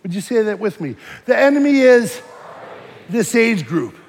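Animated male preacher in a reverberant hall. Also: high-pitched, normal speed. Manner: animated, joking, shifts from shouting to hushed. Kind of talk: sermon.

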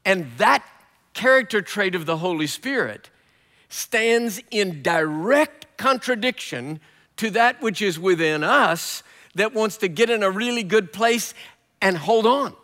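A man preaching a sermon as a guest preacher, telling the story in a lively way with humor. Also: high voice, measured pace, big-room sound.

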